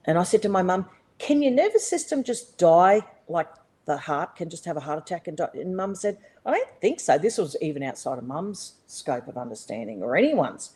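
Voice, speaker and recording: Middle-aged Australian woman guest, low-pitched, animated and profane, rambling conversational telling. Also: poor audio. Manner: animated, profane, frequent restarts and fillers. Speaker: podcast guest. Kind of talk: casual conversational storytelling.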